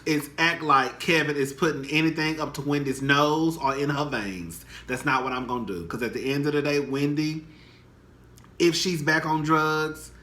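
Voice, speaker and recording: A man's voice: bright, forceful tone, a little hiss or hum. A young man vlogging casual gossip, dramatic and chatty, profane, calling his viewers girl. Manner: dramatic and chatty, swinging high and low. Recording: echoey room.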